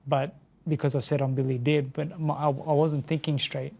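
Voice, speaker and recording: An Australian man recounting a hard personal story in an interview, in a halting, earnest way that often repeats words and restarts. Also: fairly high pitch, level tone, creaky, dark tone. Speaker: interview guest. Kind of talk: emotional personal account in an interview.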